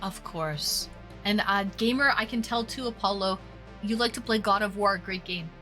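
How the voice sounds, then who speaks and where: A woman's voice: mid-range voice, moderate pace, pushed and bright, soft background music. A woman hosting a live stream, chatting playfully and teasing her chat. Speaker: streamer hosting online dates.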